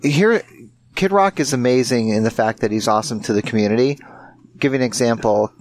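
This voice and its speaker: A man's voice: mid-range voice, brisk, dry recording. A man co-hosting a podcast in casual chat, eagerly telling a story and chiming in. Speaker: podcast co-host.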